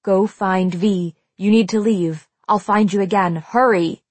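A woman's voice: medium pitch, fairly even intonation, measured pace, a little mellow, no room sound, close to an everyday voice. A woman reading an audiobook, voicing the narrator's father as he gives urgent, commanding warnings.

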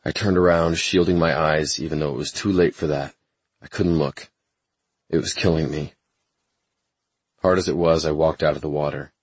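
A man narrating a first-person romance audiobook in a measured, brooding, intense way. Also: rumbling low, steady tone, breathy edge, no echo.

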